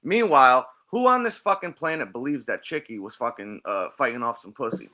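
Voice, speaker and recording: A man's voice: medium pitch, expressive, fairly quick, pushed and bright. A man giving crude, mocking commentary, swearing often and sounding openly incredulous.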